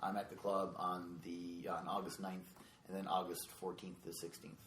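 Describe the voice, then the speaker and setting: A man's voice: low voice, monotone, moderate pace, a bit bright. A man, a stand-up comedian, chatting casually on a podcast in a rambling way full of fillers. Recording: echoey room with faint noise.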